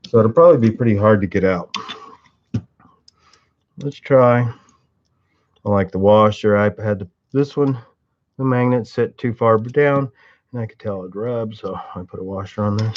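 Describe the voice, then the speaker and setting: A man's voice: lowish voice, moderate pace, pauses often. A man giving a casual, rambling workshop demonstration of his tools, joking and cursing as he works. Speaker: tool and engine video maker. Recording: muffled audio with clear clicking.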